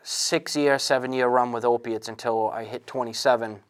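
A man in his thirties gives a candid personal testimony in an earnest, halting manner. He restarts often and fills pauses with fillers, and his voice sits in a middle pitch. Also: fairly even intonation. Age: 30s. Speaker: person in recovery telling his story.

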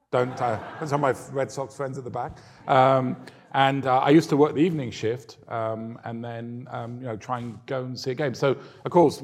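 A man from the UK, an airline chief answering interview questions in a chatty, self-deprecating way. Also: mid-range voice. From United Kingdom.

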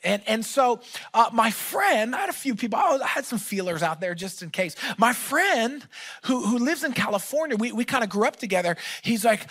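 A male pastor telling a humorous story to his congregation during a sermon, animated and self-mocking. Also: high-pitched, brisk. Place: church with live audience.

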